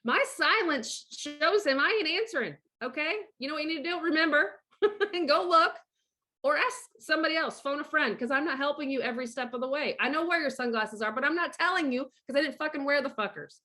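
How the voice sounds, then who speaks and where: A middle-aged woman talks straight to camera with a high voice. Her tone is sharp and forceful, and she swears freely. She gives blunt orders as a divorce coach. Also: a little fast. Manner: blunt, profane and emphatic; bossy, gives direct orders. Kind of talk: casual profane monologue to camera.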